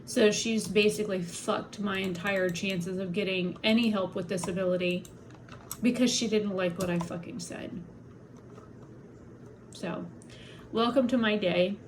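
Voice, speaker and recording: A woman's voice: mid-range voice, fairly even intonation, measured pace, long pauses, background noise. A woman vlogger in an angry personal rant to camera, swearing heavily and blunt, upset and in pain from a migraine. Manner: heavy swearing, blunt and indignant.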